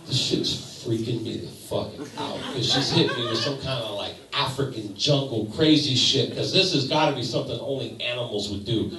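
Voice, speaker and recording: A man telling a crude story on stage as a stand-up comedian, swearing freely and breaking into loud outbursts, with audience laughter behind him. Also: mid-range voice, normal speed, gravelly, hardly any pauses, heavy background noise. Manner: profane, animated storytelling with sudden loud outbursts. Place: bar stage. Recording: echoey bar room, voice from far off.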